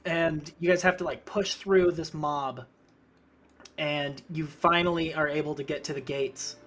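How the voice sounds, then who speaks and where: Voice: medium pitch, fairly even intonation, unhurried, fairly bright tone. A game master narrating a tabletop game casually, with many fillers.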